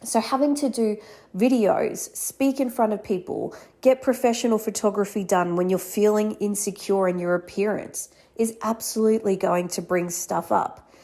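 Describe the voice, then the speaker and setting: A woman's voice: mid-range voice, fairly even intonation, normal speed, mellow. A woman in her thirties with a nasal, stuffed-up voice from a cold, hosting a solo podcast in an earnest, reflective way. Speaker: podcast host and therapist.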